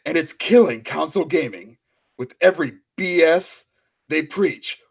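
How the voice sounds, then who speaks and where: A man's voice: a little high, animated, measured pace, vocal fry, husky, exaggerated voice. A man voicing a pompous old male professor, reading in a wobbly, bad British accent that slides toward a panicked old man. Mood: mock-serious. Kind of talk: mock-dramatic reading.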